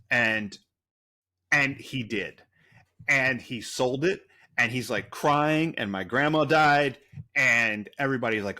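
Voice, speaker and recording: A man's voice: mid-range voice, measured pace, bright, forceful tone. A man co-hosting a podcast, rambling through a story in a loose, profane, casual way. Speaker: podcast co-host.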